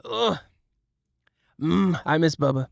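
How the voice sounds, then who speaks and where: A man doing an impression of a mournful older male politician, speaking in sad, halting, repetitive phrases. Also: a little high, lively intonation, creaky, dry recording, clean studio sound, voice pushed up, full character voice.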